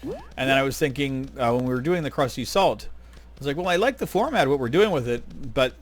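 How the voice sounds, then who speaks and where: A man's voice: medium pitch, expressive, brisk. A man hosting his gaming channel, talking casually and rambling with lots of fillers while he plays. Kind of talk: casual gameplay commentary.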